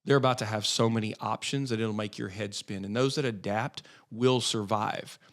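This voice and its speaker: A man's voice: on the low side, steady tone, normal speed. A man in his thirties, a business development head talking energetically as a podcast guest. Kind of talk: podcast interview.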